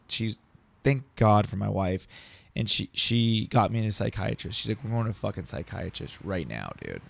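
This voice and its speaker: A man in his thirties, a comedian, telling a story in casual talk, profane and animated, acting out what others said. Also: on the low side, creaky. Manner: animated, profane, acts out quoted dialogue. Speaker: comedian guest.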